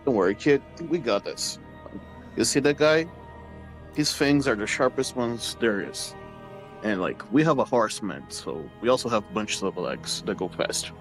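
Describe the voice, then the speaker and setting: A man's voice: fairly low pitch, animated, normal speed, soft background music. A man playing a tabletop role-play game, talking casually and confidently. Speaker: player.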